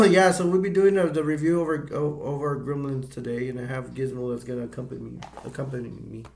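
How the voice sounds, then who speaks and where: A man giving a casual movie review, retelling the plot in a rambling, halting way with many restarts. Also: medium pitch, steady tone, vocal fry, a little hiss or hum.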